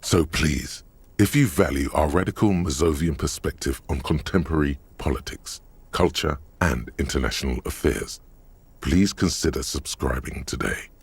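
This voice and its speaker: A deep, gravelly game narrator. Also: male voice, no echo, exaggerated voice. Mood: wry. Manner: sardonic, measured second-person narration. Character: deep-voiced male narrator, dry and wry. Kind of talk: scripted voiced narration.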